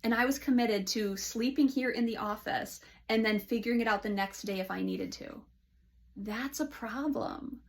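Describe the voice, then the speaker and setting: A woman's voice: fairly high pitch, moderate pace, vocal fry. A woman who is a licensed counselor, talking casually and frankly to camera from her counseling office.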